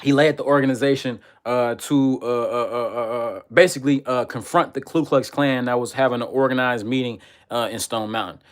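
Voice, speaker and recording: A man hosting a livestream, reading viewer comments and ranting with loud, profane, repetitive insults. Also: mid-range voice, steady tone, brisk, hardly any pauses.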